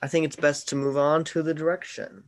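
Speaking fairly quickly with a fairly high pitch and flat delivery, a man hosts a laid-back movie-review podcast recorded over an online call. He comes across opinionated and teasing, with bouts of mock exasperation.

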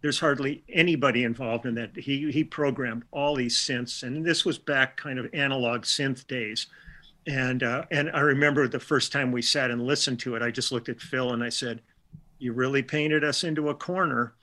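Bright-voiced older man telling stories. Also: medium pitch, steady tone, moderate pace. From Milwaukee. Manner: chatty, anecdotal, with many restarts and quoted dialogue. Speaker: interview guest, session musician. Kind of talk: casual storytelling interview.

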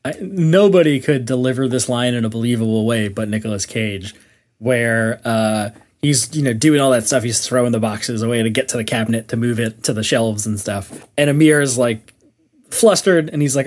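A man's voice: medium pitch, moderate pace. Enthusiastic man chatting about a film. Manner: enthusiastic, filler-heavy. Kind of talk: casual chat about a film.

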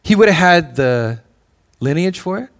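High-voiced man preaching a sermon. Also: lively intonation, moderate pace. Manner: conversational preaching with frequent restarts, rising in intensity. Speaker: pastor.

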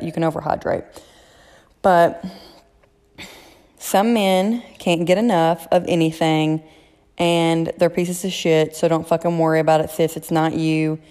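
A woman with a drawl talks straight to her listeners on a solo podcast, cursing freely and giving blunt advice. Her voice sits fairly low. A long reverb trails behind her words. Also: a little mellow, clear, resonant tone. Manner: blunt, profane, frank advice. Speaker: podcast host. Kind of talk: casual solo podcast chat.

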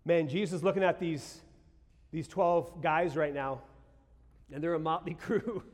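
A man preaches a sermon in a church sanctuary, his voice sitting high for a man. He talks conversationally, then bursts into shouts and exclamations. The sound trails off in a long hall reverb. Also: fairly even intonation, measured pace. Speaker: pastor.

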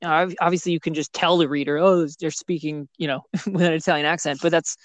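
Relaxed man hosting a podcast, dry sound. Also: on the high side, fast, no room sound. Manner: relaxed, with frequent "you know" and restarts. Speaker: podcast host. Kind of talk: casual interview chat.

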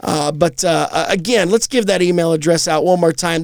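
A man co-hosting a comedy podcast, rambling through profane, animated storytelling. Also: fairly high pitch, fairly quick, creaky, few pauses, no echo, studio quality. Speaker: podcast co-host. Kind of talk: crude comedy podcast chat.

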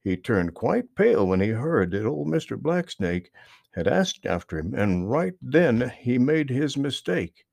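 A man narrating a children's book aloud, with expressive storytelling and lively emphasis. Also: mid-range voice, unhurried, gravelly, dry recording.

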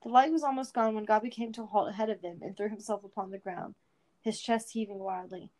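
A woman narrating a fantasy storybook aloud in an expressive, unhurried way. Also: mid-range voice, low-quality recording.

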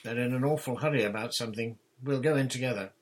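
Man voicing a boy ship captain in a storybook reading, commanding, earnest, slightly raised and husky. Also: medium pitch, quick pace, voice pushed up, close to an everyday voice. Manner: earnest, giving orders.

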